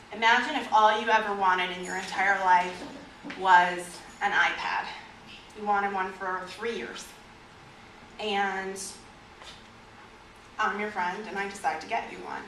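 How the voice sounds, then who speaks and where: Woman dog trainer, lively class talk, vivid examples, roomy sound, faint background hum. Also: medium pitch. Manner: lively, uses vivid examples and asks the audience questions. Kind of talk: teaching a class. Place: store or training room with an audience. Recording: echoey room, recorded from a distance.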